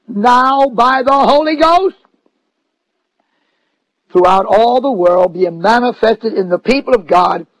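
A man preaching a sermon, emphatic, mocking the views he quotes and rising at times to shouts. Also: extremely high pitch, no echo, rough recording.

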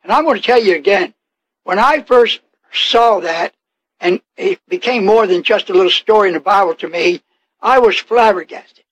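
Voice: mid-range voice, normal speed, fairly bright tone. A preacher delivering a fiery, confrontational sermon, firing rhetorical questions at the listeners and drawing out key words for weight. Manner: drawls out key words, acts out scripture quotes.

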